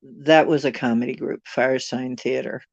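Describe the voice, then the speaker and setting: A woman's voice: very deep voice, fairly even intonation, moderate pace, a little mellow, no room sound, muffled recording. A woman hosting a livestream, chatting casually with viewers in a rambling, joking, self-deprecating way. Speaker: livestream host.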